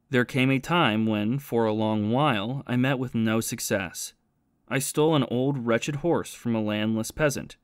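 A man's voice: medium pitch, smooth, no echo, studio quality, lightly acted. A man voicing a remorseful former soldier and thief who confesses his past in a plain storytelling manner.

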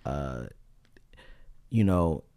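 A man co-hosting a casual couples podcast, relaxed and teasing, often restarting his sentences. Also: extremely low pitch, drawn-out words, dry recording. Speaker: podcast co-host. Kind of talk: casual chat.

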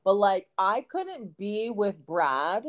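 A woman's voice: mid-range voice, big pitch swings, slow pace. A woman co-hosting a podcast in casual chat, gossipy and swearing, often breaking into laughter. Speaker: podcast co-host.

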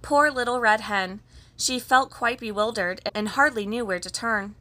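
A woman reading a children's story aloud in an even, gentle storybook manner. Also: on the high side, normal speed.

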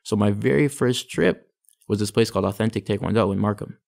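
A man's voice: fairly low pitch, fairly quick, vocal fry, darkish tone. A young Canadian man, a guest telling his taekwondo backstory in a chatty, casual way, full of "like" and "you know". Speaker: guest, taekwondo athlete and sports psychology practitioner. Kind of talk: casual interview storytelling.

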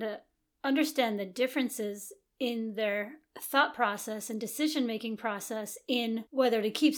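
Woman podcast cohost, kinda high voice, thinks out loud in long rambly sentences, easygoing chat. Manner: thoughtful, reflective, talks in long musing sentences. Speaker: podcast co-host. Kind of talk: casual chat.

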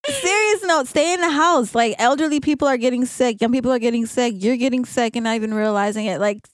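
A woman's voice: on the high side, quick pace, no echo. A young woman co-hosting a casual podcast who reacts bluntly and expressively and laughs easily. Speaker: podcast co-host. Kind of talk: casual chat.

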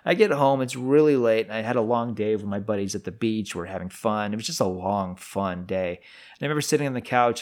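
A young adult man co-hosting a podcast, telling a story with animated shouts and gasps. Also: medium pitch, a little fast. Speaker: podcast co-host. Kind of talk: casual storytelling and film review.

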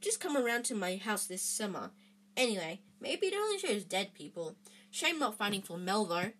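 A woman's voice: medium pitch, sing-song, moderate pace, fairly bright tone, a little hiss or hum. A woman voicing a young boy, the hero's friend, who talks in a blunt, grumbling way. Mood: chatty.

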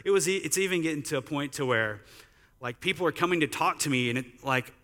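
A man's voice: fairly high pitch, quick pace, pushed and bright, big-room sound. A man preaching a sermon in a conversational storytelling manner, using lots of "like" fillers. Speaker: pastor. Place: church sanctuary.

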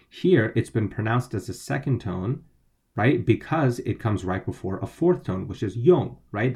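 Low-voiced man explaining a lesson. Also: mellow. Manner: explains words step by step. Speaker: language teacher.

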